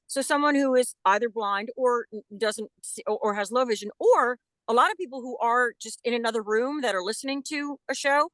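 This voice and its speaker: A middle-aged actress, a guest on a video call interview, explaining her work in a casual, lively storytelling way. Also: a little high, a little fast, few pauses, dry recording.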